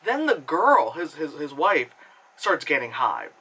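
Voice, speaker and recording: Movie reviewer, rambling casual talk, swears a lot, laughs often, very lively pitch, bright tone. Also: husky, poor audio. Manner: rambling, lots of fillers and swearing; laughs often, does quick impressions. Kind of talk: casual spoken film review.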